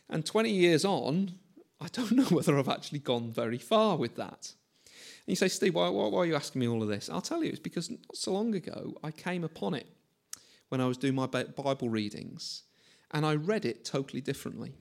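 A man's voice: a little high, expressive, brisk. A man in his forties preaching a conversational sermon, chatty and self-mocking, often asking the listeners questions.

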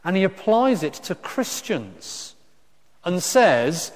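A man preaches a sermon in an easy, conversational way, often restarting phrases and slipping into lively asides. His voice sits in a middle register. Long hall reverb trails after his words. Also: a little high, measured pace.

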